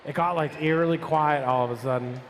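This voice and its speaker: High-voiced man calling a BMX race. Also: steady tone, a little hiss or hum. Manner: rapid-fire calling of rider names and numbers. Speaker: race announcer. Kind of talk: live race commentary. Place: outdoor BMX race track.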